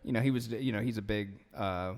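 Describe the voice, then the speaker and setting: A man's voice: fairly low pitch, fairly quick, darkish tone. A man hosting a casual podcast chat who rambles and fills his talk with "you know" and "like.". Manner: rambling, filler-heavy, self-interrupting. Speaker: podcast host. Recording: long echoey room reverb.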